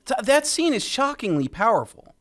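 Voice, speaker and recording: A man's voice: very high-pitched, big pitch swings, moderate pace, fairly bright tone. A man hosting a film podcast, talking enthusiastically about a film with hesitant restarts. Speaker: podcast host. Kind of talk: casual podcast chat.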